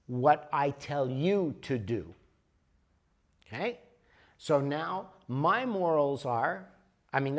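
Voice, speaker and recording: A man leading a workshop, explaining ideas patiently and often checking in with "okay?". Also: on the high side. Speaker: workshop leader. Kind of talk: workshop teaching. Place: workshop room.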